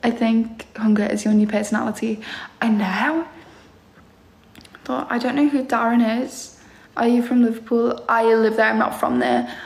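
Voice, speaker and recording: A woman's voice: on the high side, lively intonation, moderate pace, vocal fry, darkish tone. A young woman streaming live, reading out chat comments and answering them with teasing, sarcastic remarks and frequent laughter.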